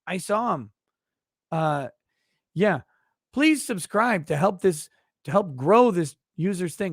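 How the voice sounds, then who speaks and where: A man's voice: high voice, expressive, slow, long pauses, no echo, clean studio sound. A man hosting a live stream, ranting sarcastically with plenty of profanity and rambling asides. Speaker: host.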